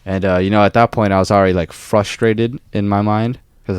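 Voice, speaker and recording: Speaking a little fast in a smooth, low-ish register, this young podcast co-host recounts something that happened at work. There's no echo, and his chatty storytelling is full of profanity and acted-out lines.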